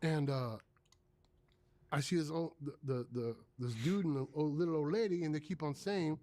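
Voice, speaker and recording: A man in his thirties casually spins a long story at a moderate pace, his voice sitting fairly high. He's animated and acts out the other people's voices when quoting them.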